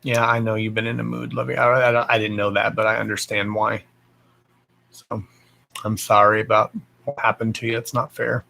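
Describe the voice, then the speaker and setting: A man's voice: fairly low pitch, level tone, normal speed, gravelly, pushed and bright, rough recording. A man with a Texan accent hosting a casual live stream, chatting freely, greeting viewers with endearments and swearing offhandedly. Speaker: psychic live-stream host.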